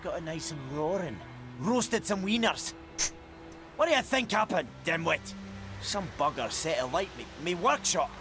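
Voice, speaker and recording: A sour old dwarf smith with a thick Scottish accent and a lively, up-and-down delivery. He is sarcastic and curses freely. Faint game music plays under him. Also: a little high, unhurried. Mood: sarcastic angry. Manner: sarcastic, swearing, exclaiming. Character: gruff old male dwarf blacksmith, bitter and sarcastic.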